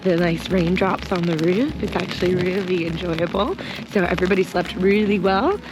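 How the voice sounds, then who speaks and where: A woman's voice: lowish voice, normal speed, background noise. A woman in her thirties chatting upbeat in a casual travel vlog from a camper van. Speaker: travel vlogger.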